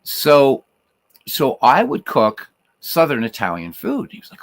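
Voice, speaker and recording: A man's voice: medium pitch, sing-song, moderate pace, breathy edge, no room sound. A man from Ireland hosting a casual livestream, rambling through viewer comments with fillers, restarts and swearing. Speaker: livestream host.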